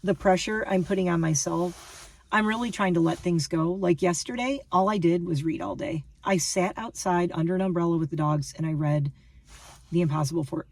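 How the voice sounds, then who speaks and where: A woman's voice: on the low side, moderate pace, darkish tone, distant mic. Rambling emphatic woman in her fifties. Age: 50s. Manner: emphatic, repeats herself, restarts. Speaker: lifestyle vlogger. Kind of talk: casual rambling monologue to camera.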